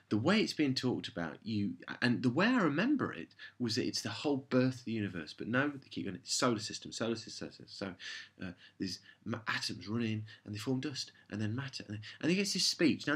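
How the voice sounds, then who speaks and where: Exasperated husky-voiced man reviewing. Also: mid-range voice, a bit bright. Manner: exasperated, rambling, sarcastic. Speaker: show reviewer. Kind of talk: casual review monologue.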